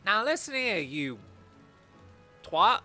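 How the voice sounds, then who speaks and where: A man voicing a gruff, foul-mouthed female innkeeper in a shrill, bossy, exaggerated dialect for a game. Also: big pitch swings, slow, bright, forceful tone, faint music behind, full character voice. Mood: scolding.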